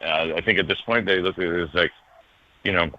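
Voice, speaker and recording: Low-voiced reporter on a dull line. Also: male voice, fairly even intonation, fairly quick. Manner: hesitant, ribbing, filler-heavy. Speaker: sports reporter guest. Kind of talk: casual radio interview. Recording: dull dry remote line.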